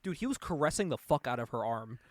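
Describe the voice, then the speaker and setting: A man's voice: medium pitch, very animated, quick pace, no room sound. A man co-hosting a casual comic book review podcast, laughing often and swearing casually. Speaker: podcast co-host.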